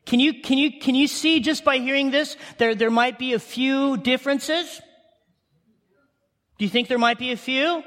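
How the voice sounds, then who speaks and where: High-voiced preacher man in a reverberant hall. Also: normal speed. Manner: animated, rhetorical questions, sudden shouts and hushed asides. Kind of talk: sermon.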